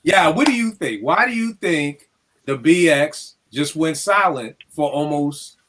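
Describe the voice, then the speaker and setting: A man's voice: a little high, expressive, a little slow, slight background noise. A man hosting a casual podcast chat, talking loosely with fillers and asking questions. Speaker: podcast host. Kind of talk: casual hip-hop talk show chat.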